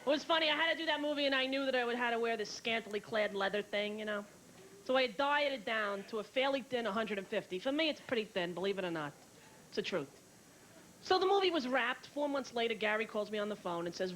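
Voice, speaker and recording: A woman in her thirties performing a brash, fast-moving stand-up comedy set, acting out other people's lines, with an audience laughing. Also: on the high side, animated, fairly bright tone, rough recording. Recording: old VHS tape with hiss.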